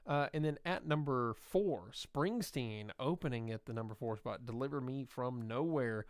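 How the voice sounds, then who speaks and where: A podcast co-host runs through box office figures in a casual, upbeat chat, dropping in plenty of fillers. His voice sits in the mid range at a moderate pace, with a clean tone and studio-quality sound free of any room noise.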